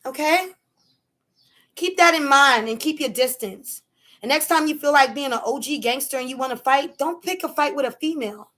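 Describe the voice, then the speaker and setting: Telling a story to camera, this woman vlogger launches into a rant in a bright, high voice at normal speed. Her delivery is relaxed yet lively, strongly emphatic, and she plays out the scene.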